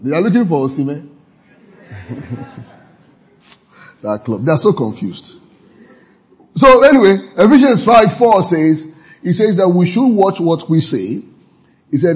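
A man preaching a sermon, acting out quotes in high voices and leading the congregation in declarations. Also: very animated, unhurried, pauses often, darkish tone. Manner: leads congregation in call-and-response declarations. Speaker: pastor.

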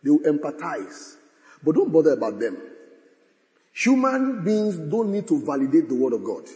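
A man preaching a sermon, swinging from bold declarations to hushed asides and reciting scripture. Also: a little high, big pitch swings, moderate pace. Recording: long hall reverb.

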